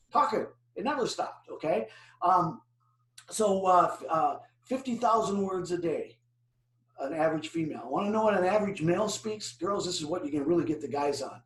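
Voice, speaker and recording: An older man with a fairly high voice gives a driver safety talk. He tells animated stories and quizzes his audience. He sits some way from the mic, and the room echoes. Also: recorded from a distance. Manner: animated storytelling with questions to the audience. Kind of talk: presentation to an online audience.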